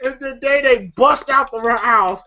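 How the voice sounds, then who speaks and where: A man's voice: very high voice, a little slow, bright, forceful tone. A man casually recapping a comedy film with a friend, quoting scenes and laughing often. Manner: retells scenes, quoting lines and laughing a lot. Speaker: movie reviewer. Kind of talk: casual movie recap chat. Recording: dull lo-fi sound.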